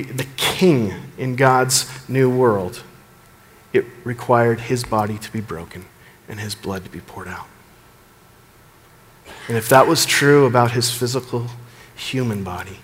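A man preaching a sermon as pastor, earnest, building emphasis and dropping low at the ends of phrases. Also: in a large hall.

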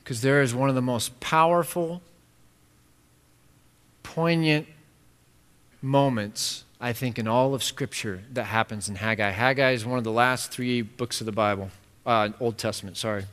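A man's voice: medium pitch, moderate pace, a bit bright, clear, resonant tone. A man preaching a sermon as pastor, casual and emphatic with conversational asides. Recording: long echo of a large hall.

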